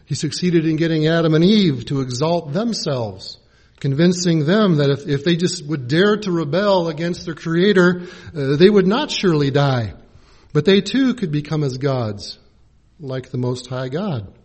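Guy preaching a sermon, bit high-pitched, slow careful teaching tone. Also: animated, a little mellow. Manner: measured, spells out Greek and Hebrew words letter by letter.

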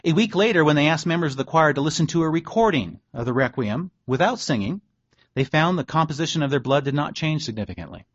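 A man's voice: fairly high pitch, lively intonation, fast. A man giving a sermon in a conversational way, reading out research and adding wry asides. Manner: conversational preaching, reads quotes aloud, wry asides. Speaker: pastor. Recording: dull lo-fi recording.

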